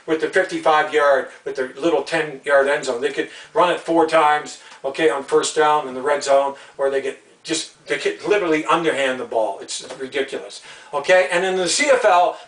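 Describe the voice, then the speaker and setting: A man's voice: on the high side, a bit bright, echoey room, distant mic, rough recording. A man from Canada ranting angrily in a video, repeating himself and stumbling over restarts. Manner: angry, repetitive, stammering restarts. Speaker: video ranter about football rules. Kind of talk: heated solo rant video.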